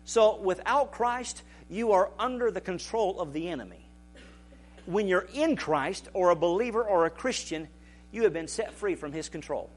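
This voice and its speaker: A man preaching a sermon as pastor, animated and building to shouts. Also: sits high, normal speed.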